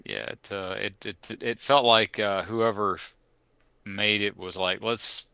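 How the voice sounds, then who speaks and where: Older podcast co-host, low bright crisp voice, halting delivery with restarts. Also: male voice, steady tone, dry recording. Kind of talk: casual chat.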